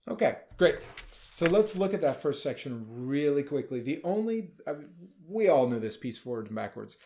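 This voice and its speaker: A man's voice: on the high side, very animated, moderate pace, mellow. Casual, explaining male band conductor. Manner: explains casually, sometimes sings or calls out musical phrases. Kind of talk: rehearsal instruction.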